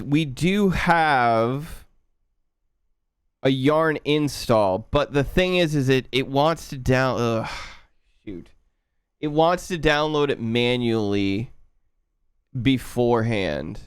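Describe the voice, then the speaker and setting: A man with a Southern accent, explaining his build step by step to his live stream chat in a relaxed way. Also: medium pitch, clean tone, dry recording, clean studio sound. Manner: relaxed, explaining, muttering to himself. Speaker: livestreaming programmer.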